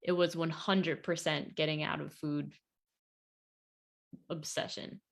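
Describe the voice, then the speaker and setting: Chatty woman coach, slightly low voice. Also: flat delivery, takes it slowly, vocal fry. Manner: chatty, lots of "like", earnest. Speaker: podcast guest, weight loss coach. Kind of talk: casual podcast conversation.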